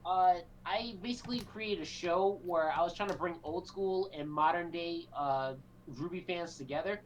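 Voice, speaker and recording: A man's voice: sits high, moderate pace, lo-fi sound, a little hiss or hum. A man talking as a guest on a podcast, hesitant and full of fillers and restarts in casual chat.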